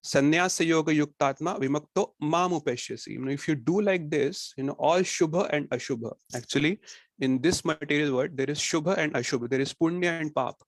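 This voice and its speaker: A man's voice: on the high side, brisk, dry recording. Man explaining scripture. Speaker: temple class speaker. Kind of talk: scripture class.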